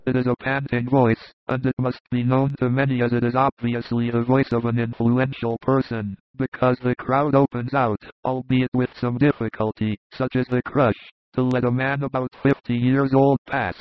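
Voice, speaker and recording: A man giving measured, descriptive narration of a religious story as an audiobook reader. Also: mid-range voice, flat delivery, no room sound. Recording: dull lo-fi recording.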